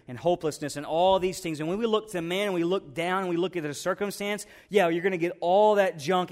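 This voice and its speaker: Preacher guy telling a bible story, earnest and folksy, voice a bit on the high side. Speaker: pastor. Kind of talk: sermon.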